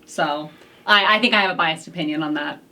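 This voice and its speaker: A woman's voice: low voice, brisk, pushed and bright, a little hiss or hum. A young woman co-hosting a casual radio talk show, chatty and leaning on "like" often. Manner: chatty, says "like" a lot.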